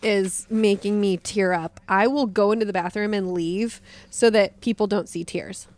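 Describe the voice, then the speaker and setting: A woman in her thirties co-hosting a podcast, soft-spoken and halting as she chats casually. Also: mid-range voice, steady tone. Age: 30s. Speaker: podcast co-host.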